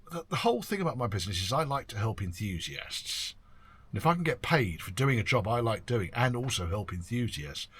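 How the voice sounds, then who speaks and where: Man, older, bright husky voice, lively pitch, casual rambling workshop chat. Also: no room sound. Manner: rambling, chatty, mild swearing, frequent ums. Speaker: classic car workshop owner and video host. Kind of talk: casual year-end chat to camera.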